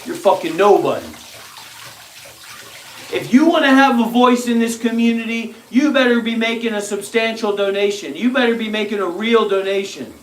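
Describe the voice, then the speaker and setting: A man hosting a meditation livestream, ranting in a profane, scornful way, with drawn-out pauses. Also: sits high, a little hiss or hum. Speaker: meditation channel host. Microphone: livestream setup. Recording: echoey room.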